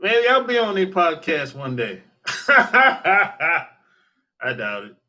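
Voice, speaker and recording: Here a dating advice YouTuber answers viewers in a relaxed livestream from home in Atlanta. His speech wanders, repeats and includes swearing, delivered in a fairly high, sing-song voice that sounds pushed and bright at a normal speed.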